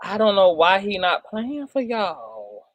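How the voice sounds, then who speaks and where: Male livestream commentator, high voice, sassy and theatrical, dry close mic. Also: wildly swooping pitch, takes it slowly, no echo, dull audio. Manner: sassy, theatrical, peppered with "girl" and "child". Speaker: commentary channel host.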